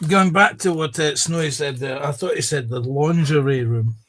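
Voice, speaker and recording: A man's voice: on the high side, moderate pace, a bit bright. A man chatting casually on a hobby show, trading dry, teasing jokes. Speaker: guest in a hobby chat. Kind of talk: casual chat.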